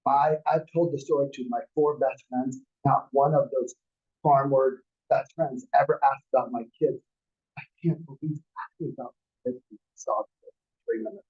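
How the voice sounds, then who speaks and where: Forties male instructor, husky, gravelly, storytelling style, dull lo-fi sound. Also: mid-range voice, moderate pace. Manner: rambling, anecdotal, acts out quotes. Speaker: real estate class instructor. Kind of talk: casual storytelling lecture.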